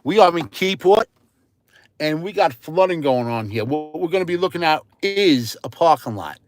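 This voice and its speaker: A man livestreams on a handheld phone, mostly outside in a windy parking lot, chatting casually, rambling, repeating himself and greeting viewers by name. His fairly high voice is lively and moves at normal speed, with faint music behind. The recording is dry but the phone mic catches loud wind noise.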